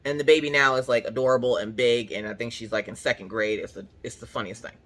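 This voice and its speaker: Woman, crafting host, casual storyteller; bright, lively, dramatic, salty mouth. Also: a bass voice, fast. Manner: animated, dramatic, swears freely.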